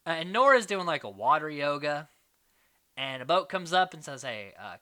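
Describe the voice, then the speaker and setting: A man hosting a casual recap, chatting quickly and mimicking the people he quotes. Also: fairly high pitch, big pitch swings, pushed and bright, clean tone. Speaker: podcast host recapping a reality show.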